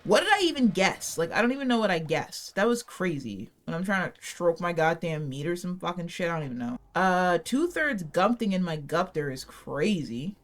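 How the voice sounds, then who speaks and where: A young woman giving loose, running commentary while she plays. Her voice sits fairly low, and she drifts off on profane, self-mocking tangents. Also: big pitch swings, normal speed, few pauses. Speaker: gaming channel host. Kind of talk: casual gameplay commentary.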